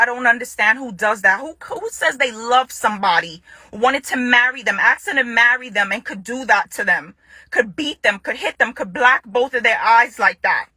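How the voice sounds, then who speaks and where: A young woman's fairly high voice, tight and bright, comes through close, dry and echo-free as she publicly confronts her ex. Furious, she keeps repeating her points to hammer them home.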